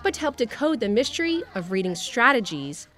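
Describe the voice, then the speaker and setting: Lively woman narrating a feature. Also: on the high side, brisk, faint music behind. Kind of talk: scripted narration.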